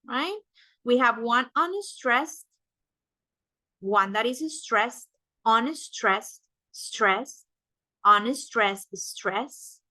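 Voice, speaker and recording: A woman's voice: fairly high pitch, pushed and bright, dry recording, rough recording. A young adult woman teacher giving a recorded class lesson, explaining step by step and checking in with "right?" between points.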